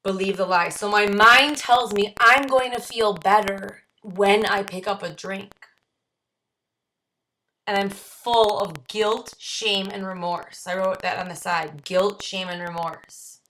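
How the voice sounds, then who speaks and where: Bright-voiced woman leading a book study. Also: mid-range voice, slight background noise, rough recording. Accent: Midwestern American. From United States. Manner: reads passages aloud, then explains them in personal terms; repeats key phrases slowly for emphasis. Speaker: study group leader. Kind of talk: reading and explaining a recovery text.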